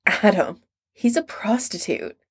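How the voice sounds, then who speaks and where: Nervous guilty young guy pleading, as a woman narrator puts him on, slow and gentle. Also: mid-range voice, expressive, husky. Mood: earnest. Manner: pleading, apologetic. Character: anxious young man, apologetic and guilty.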